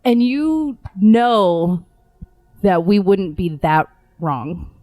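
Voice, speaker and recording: A woman's voice: mid-range voice, big pitch swings, extremely slow, mellow, no echo. A woman playing a tabletop role-playing game, talking in a casual, giggly, rambling way. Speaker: player.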